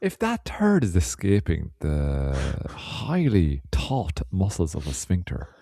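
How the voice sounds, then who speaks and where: Podcast guy, really deep dark voice, wry jokey chat, dry sound. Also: huge pitch swings, slow pace, no echo. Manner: wry, joking asides. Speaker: podcast co-host. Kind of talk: casual chat.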